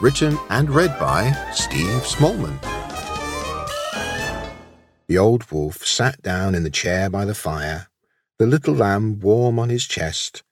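Slow expressive storybook narrator, man. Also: on the low side, slightly rough, faint music behind. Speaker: author reading his own story.

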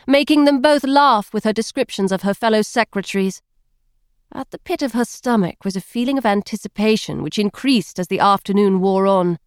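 A woman narrating an audiobook with expressive storytelling. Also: mid-range voice, clean tone, no room sound, clean studio sound.

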